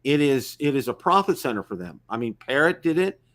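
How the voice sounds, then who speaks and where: A man's voice: mid-range voice, very animated, a little fast, fairly bright tone. Rambling male live-stream show host. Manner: rambling, many fillers and restarts.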